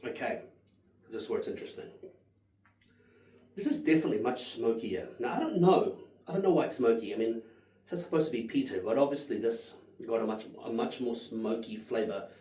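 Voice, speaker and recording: A man in his thirties tastes whisky and rambles through his notes, swearing freely and gushing about flavors. His voice is warm and mellow, and it sounds a little distant in a roomy, echoey space. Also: medium pitch, animated, fairly quick. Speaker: whisky reviewer. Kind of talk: casual tasting vlog.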